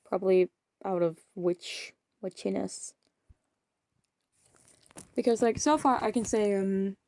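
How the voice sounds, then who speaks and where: Mumbly, gravelly young woman rambling. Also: mid-range voice, takes it slowly, pauses often, darkish tone, no echo, clean studio sound. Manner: rambling, self-deprecating, often trails off into mumbles. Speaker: vlogger. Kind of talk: rambling casual vlog chat while playing a game.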